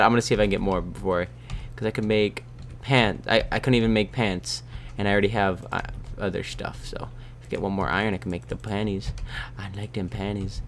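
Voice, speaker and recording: A man's voice: on the low side, a little fast, a little hiss or hum. A young man giving goofy, rambling commentary while playing a game, close to his mic. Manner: goofy, rambling, bursts of shouting and whispers. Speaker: gaming YouTuber. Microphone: close desk mic.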